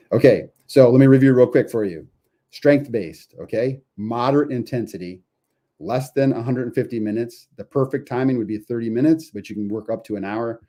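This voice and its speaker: Low, mellow-voiced man coaching listeners. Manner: conversational, asks listener questions, acts out inner voices. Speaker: podcast host. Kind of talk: explaining a lesson.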